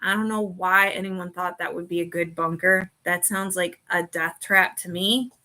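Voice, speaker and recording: A woman's voice: on the low side, steady tone, moderate pace, bright, forceful tone. A woman hosting a podcast in a casual, rambling chat that keeps wandering off on side remarks. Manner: rambling, chatty, sidetracked. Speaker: podcast host.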